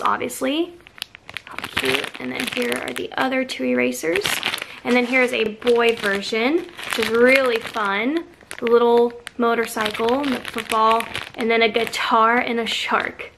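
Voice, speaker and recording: A woman in her thirties talks through a shopping haul in a casual, gushing way, thrilled by each find. Her voice sits a little on the high side, with a faint hiss of noise underneath. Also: gravelly, a bit bright. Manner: gushing, enthusiastic. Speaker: haul vlogger. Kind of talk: casual show-and-tell haul.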